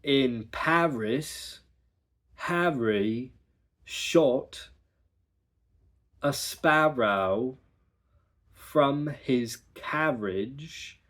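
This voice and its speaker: A young man teaching pronunciation as a dialect coach, explaining patiently and encouragingly. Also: lowish voice. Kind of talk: recorded pronunciation lesson.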